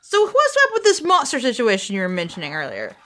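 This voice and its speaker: A woman player at a tabletop game, chatty and giggly. Her voice sits a little high and swings around a lot in pitch. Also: wildly swooping pitch, fast talker, bright, forceful tone. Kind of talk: casual tabletop game play.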